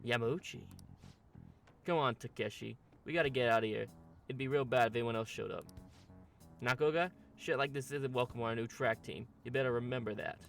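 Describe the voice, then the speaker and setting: A man's voice: mid-range voice, a little fast, vocal fry, far from the mic, faint music behind, lightly acted. A swaggering teenage bully growls blunt threats, read by a man for a game. He is crude and aggressive. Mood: menacing.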